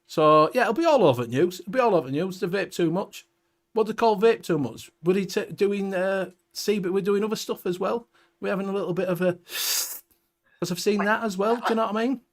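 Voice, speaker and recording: A man's voice: high-pitched, brisk. A Welsh man hosting a casual livestream chat, ranting bluntly with heavy swearing. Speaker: show host.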